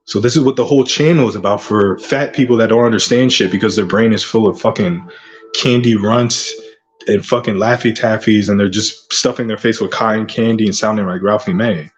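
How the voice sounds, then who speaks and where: A man's voice: fairly low pitch, steady tone, a little fast. A man hosting his own channel, delivering an aggressive, profane rant full of taunting insults. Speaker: channel host. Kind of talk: ranting vlog monologue.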